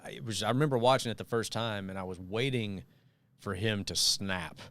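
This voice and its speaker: A man's voice: fairly low pitch, a little fast, fairly bright tone, no echo. A man guest-hosting a casual talk show, easygoing and thoughtful, sometimes trailing off mid-sentence. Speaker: guest host. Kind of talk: casual chat.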